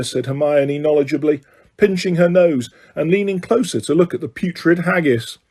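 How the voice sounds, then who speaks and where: An amateur audiobook reader, a man with a fairly high, darkish voice and a breathy edge, reads a storybook aloud at normal speed. He slips now and then, corrects himself, and laughs.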